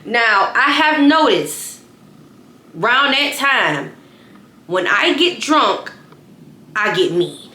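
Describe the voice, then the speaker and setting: A young woman recounts a story straight to her viewers in a loose, chatty storytime. She keeps calling out to them and circles back over her own phrases. Her voice is bright and forward, and the room around her sounds echoey. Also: on the high side, big pitch swings, slow, pauses often. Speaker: vlogger telling a story. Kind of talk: casual storytime to camera.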